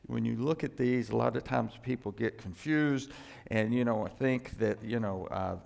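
Gravelly-voiced male pastor preaching. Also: mid-range voice, normal speed, a little mellow, long reverb tail. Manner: conversational, filler-heavy, repeats key words for emphasis. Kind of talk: sermon.

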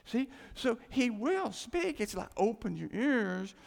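A man preaching a sermon as pastor, animated, repeating his phrases and acting out quoted thoughts. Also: very high-pitched, slow, vocal fry. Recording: long hall reverb.

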